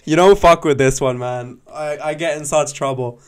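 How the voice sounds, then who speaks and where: A man's voice: fairly high pitch, moderate pace, clean tone. A young man with an English accent who hosts a casual live stream. He swears freely, teases and laughs a lot. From England. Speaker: motovlogger hosting a live stream.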